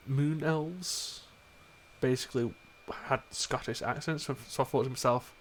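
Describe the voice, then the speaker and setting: A relaxed English man talking shop with his gaming group, loose and chatty, dropping the odd swear word. His voice sits in a middling pitch, with a faint hiss behind it on a home microphone. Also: unhurried. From England. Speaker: player. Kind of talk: casual chat between game sessions.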